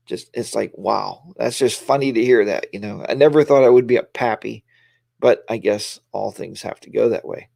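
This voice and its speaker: A man's voice: mid-range voice, gravelly, a little mellow, no room sound, studio quality. A tired middle-aged man hosting a casual live stream, rambling and greeting viewers by name.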